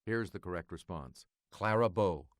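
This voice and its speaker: A man hosting a quiz game, reading clues and answers in a crisp, measured announcer delivery. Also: low-pitched, noisy background. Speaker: quiz show host.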